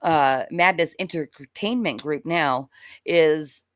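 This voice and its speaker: Low-voiced woman, dry and close. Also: slow pace, dry recording. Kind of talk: casual chat.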